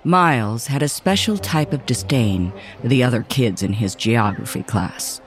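A man narrating a children's story in an expressive, measured reading. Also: medium pitch, faint music behind.

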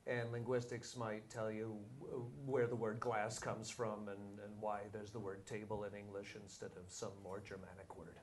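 A man as a podcast guest, talking in a halting, stammering, self-deprecating way. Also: lowish voice, level tone, slight background noise. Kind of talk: casual interview chat.

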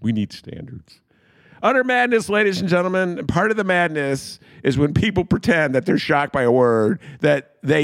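A middle-aged man riffs on politics as a podcast host, sarcastic and mocking. His voice is low and gravelly, and it swings widely in pitch. The recording is dry and close. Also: dry recording. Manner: sarcastic, riffing, mocking quotes in funny voices. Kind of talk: casual political commentary.

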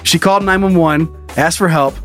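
A man's voice: on the high side, a bit bright, faint music behind. Loose, profane man co-hosting a podcast. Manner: loose and profane, laughing often, quick bursts of story. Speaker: podcast co-host. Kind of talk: casual comedic chat.

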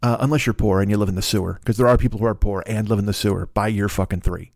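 A man's voice: lowish voice, fairly even intonation, very fast, gravelly, darkish tone, no echo, clean studio sound. A man in his fifties hosting a solo podcast, telling rambling, profane, self-mocking comic stories in casual chat. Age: 50s. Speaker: podcast host.

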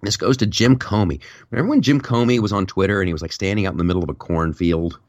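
A man's voice: sits low, quick pace, dry recording, studio quality. A man hosting a podcast, chatting casually and telling a rambling story with lots of restarts. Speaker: podcast host.

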